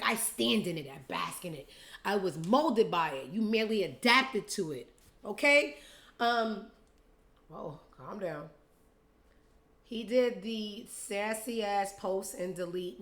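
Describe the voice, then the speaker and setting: A woman hosting a casual gossip show, animated and profane, who mocks people with put-on voices. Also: mid-range voice, echoey room. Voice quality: animated, profane, acts out quotes in mocking voices. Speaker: host.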